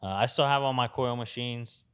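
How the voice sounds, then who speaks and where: A man's voice: medium pitch, moderate pace, clean tone. A man hosting a tattoo podcast, chatting in an easygoing way with lots of "you know.". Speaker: podcast host, tattoo artist. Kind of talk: casual podcast conversation.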